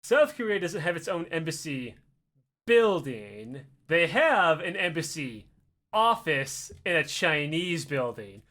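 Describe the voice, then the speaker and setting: A man co-hosting a podcast, telling a story in an excitable, profane way and acting out its parts. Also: on the high side, takes it slowly. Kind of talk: animated storytelling.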